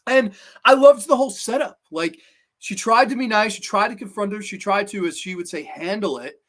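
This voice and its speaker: A man giving casual, animated commentary as a horror movie reviewer, swearing freely and acting out scenes in funny voices. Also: high voice, normal speed. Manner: animated, profane, acts out quotes in funny voices.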